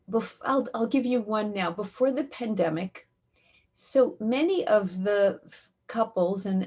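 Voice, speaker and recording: Animated, heartfelt woman storyteller. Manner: heartfelt, animated storytelling, rises high when quoting. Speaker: rebbetzin, community educator. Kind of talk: interview storytelling.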